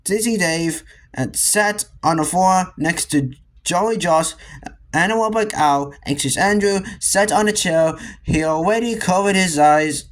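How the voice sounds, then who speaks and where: Male amateur reader, slightly high voice, slow and stumbling through a storybook. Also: a bit bright. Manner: halting, with frequent restarts and misread words. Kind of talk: reading a children's book aloud.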